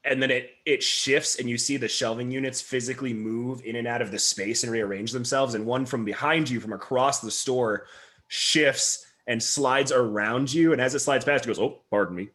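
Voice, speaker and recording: A man's voice: medium pitch, steady tone, moderate pace, fairly bright tone. A man narrating a tabletop role-playing game as game master, rambling with many restarts.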